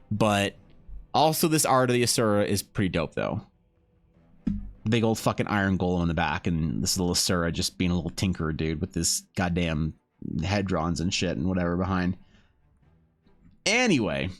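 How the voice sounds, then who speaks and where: A man chatting casually to his live audience as he draws, rambling and swearing. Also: fairly low pitch. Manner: loose, rambling, profane banter. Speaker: livestreaming artist. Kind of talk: casual stream chat while drawing.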